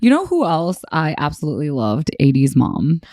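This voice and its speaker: Young woman co-host, deep mellow voice, laughs a lot, dry close sound. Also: moderate pace, no room sound. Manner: animated, laughs a lot, acts out quotes. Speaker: podcast co-host. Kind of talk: casual recap chat.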